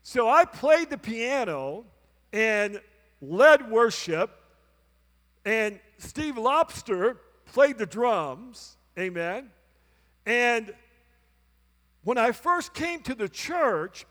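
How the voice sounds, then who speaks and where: In a church sanctuary, a male pastor preaches a sermon, telling a story in which he plays both sides of a conversation and calls out to the congregation. His voice is very high and a bit bright, trailing a long reverb tail.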